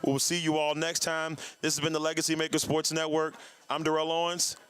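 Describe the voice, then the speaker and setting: A male play-by-play announcer calling a football game live, shouting with excitement, winded and casual. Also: fairly high pitch, a little fast, clean tone. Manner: excited shouting calls, folksy "y'all". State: out of breath. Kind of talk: live sports commentary. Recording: noisy outdoor stadium broadcast. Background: crowd and stadium noise.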